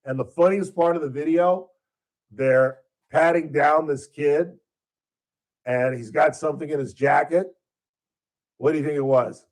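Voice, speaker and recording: A man's voice: a little high, unhurried, long pauses, darkish tone. A man hosting a talk radio show, chatting casually and bluntly, wandering off topic and back.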